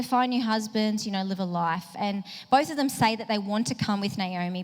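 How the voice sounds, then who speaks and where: A woman giving a conversational sermon, earnest and chatty with frequent fillers. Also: medium pitch. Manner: earnest and chatty, many "you know" and "um" fillers. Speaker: preacher. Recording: reverberant hall.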